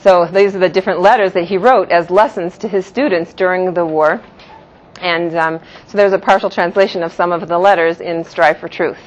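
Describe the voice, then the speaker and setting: A woman's voice: fairly low pitch, fairly even intonation, brisk. A woman teaching a Jewish philosophy class, explaining terms patiently and giving each in two pronunciations. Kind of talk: classroom lecture. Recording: dull lo-fi classroom recording.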